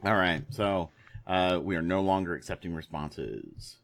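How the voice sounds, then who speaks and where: A man co-hosting a casual gaming podcast, talking in a relaxed, chatty way with many fillers. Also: low-pitched, a little slow. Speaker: podcast co-host.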